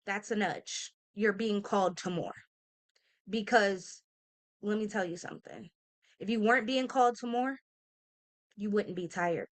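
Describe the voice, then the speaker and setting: A motivational vlogger in her thirties talks to camera with medium pitch, a measured pace and long pauses. Her heartfelt message comes across as earnest and emphatic, in casual speech full of slang and fillers. She keeps checking in with listeners, addressing them as "y'all" and asking "okay?"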